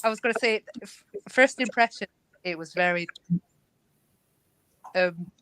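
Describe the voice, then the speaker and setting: A woman guest on a chat show, soft-spoken and hesitant, recalling a ghost hunt. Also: on the low side, a little slow, clean tone, dry recording, rough recording. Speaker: paranormal investigator guest. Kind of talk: casual chat.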